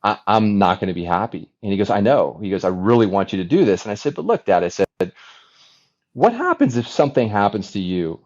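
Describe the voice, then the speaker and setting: A man in his forties, a former fighter pilot, telling his story as a podcast guest in an animated, chatty way with many restarts. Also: fairly low pitch, brisk, muffled recording. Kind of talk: casual storytelling interview.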